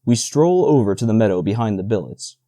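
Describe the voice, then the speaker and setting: A man narrating an audiobook in a steady, even storytelling manner, close to the mic. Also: on the low side, brisk, dry recording. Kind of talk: scripted narration.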